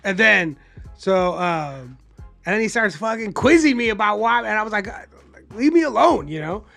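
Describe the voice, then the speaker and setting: A man hosting a podcast, telling animated, profane stories in casual chat and acting out what people said. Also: high voice, moderate pace, vocal fry, dry recording, soft background music. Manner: profane, animated storyteller, acts out quotes. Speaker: podcast host.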